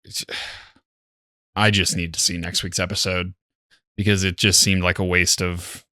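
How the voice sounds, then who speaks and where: Tired young man, bright dry voice. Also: low-pitched, level tone, measured pace, no room sound. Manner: tired, sighing, yawning. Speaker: reaction show co-host. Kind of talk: casual chat.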